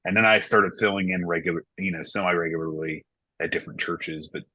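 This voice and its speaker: A man in his thirties speaks with a low, forceful voice, talking candidly and reflectively as a worship pastor in a casual podcast conversation. His tone is slightly husky. The recording is dull and lo-fi, with a dry sound. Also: fairly even intonation, quick pace, no room sound.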